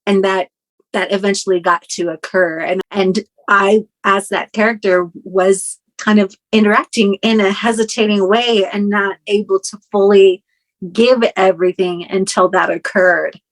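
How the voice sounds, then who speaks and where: A woman's voice: medium pitch, steady tone, normal speed. A woman podcast guest talks through her thoughts in a casual, reflective chat. She sounds hesitant and searches for words, often repeating herself before she settles on a point.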